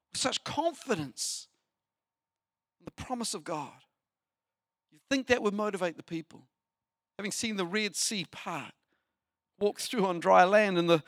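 A man preaching a sermon as pastor, animated, asking the listeners rhetorical questions. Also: sits high, dry recording, studio quality. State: short on sleep.

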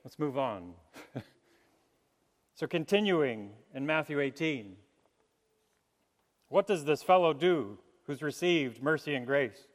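A man preaching a sermon, animated, chuckling and acting out the voices of the people he quotes. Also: a little high, slow, long pauses. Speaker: pastor. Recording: long hall reverb.

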